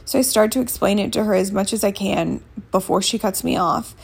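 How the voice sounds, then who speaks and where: Blunt woman in her thirties with vocal fry. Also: medium pitch, a little fast. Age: 30s. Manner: candid, blunt, swears freely. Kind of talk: casual storytime vlog. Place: sitting up on a bed at home.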